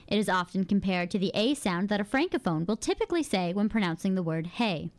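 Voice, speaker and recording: A woman from Canada hosting a scripted radio feature in a studio, explaining in a lively way. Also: mid-range voice, fairly quick. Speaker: radio host.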